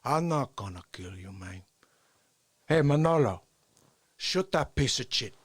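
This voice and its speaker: A man's voice: medium pitch, expressive, a little slow, slightly rough, dry recording, studio quality, pitched below the performer's own voice. A man doing an impression of a tough male gangster from a film, swaggering and menacing.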